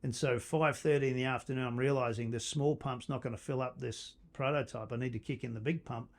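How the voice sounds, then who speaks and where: A man's voice: medium pitch, a little fast. A middle-aged man, a company founder, telling a long personal story on a podcast, laughing and acting out the lines of the people in it. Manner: animated storyteller, laughs often, acts out quotes.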